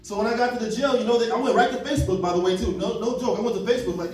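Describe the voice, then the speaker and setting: A man, giving an animated motivational talk on stage and acting out the people in his stories. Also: very high voice, racing, few pauses, crowd noise. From Chicago, USA. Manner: animated storytelling, acting out quotes. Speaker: community organizer and speaker. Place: large hall on stage. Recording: echoey hall, from far off, faint noise.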